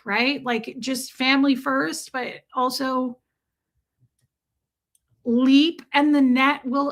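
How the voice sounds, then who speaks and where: A woman's voice: a little high, fairly bright tone. A woman hosting a casual livestream, chatty and joking, with sarcastic asides and lots of "like". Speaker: livestream host. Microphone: streaming microphone.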